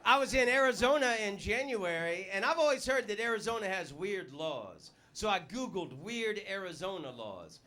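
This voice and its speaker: Man, stand-up comic, high voice, punchy, handheld mic on a club stage. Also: big pitch swings, moderate pace, hardly any pauses. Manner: loud punchy delivery, puts on voices for jokes. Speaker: stand-up comedian. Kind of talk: stand-up comedy set.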